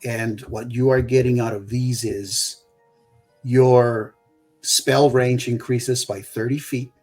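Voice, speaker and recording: Slow-talking game master. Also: male voice, medium pitch, steady tone, a little mellow, soft background music. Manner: slow, descriptive narration. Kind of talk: narrating a tabletop game.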